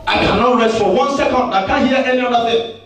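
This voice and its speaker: A high-voiced man preaching with urgent, emphatic repetition. His voice rings through a large church hall, picked up from well away from the microphone, so it sounds distant and awash in echo. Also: fast, fairly bright tone, slight background noise. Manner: urgent, emphatic, repeats phrases. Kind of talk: sermon. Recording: strong echo, voice far from mic.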